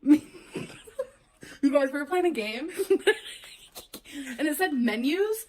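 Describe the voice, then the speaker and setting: Giggly, lively-pitched tired woman. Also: slow pace. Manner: giggly, animated. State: tired and loopy. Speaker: vlogger. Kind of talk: casual late-night chat.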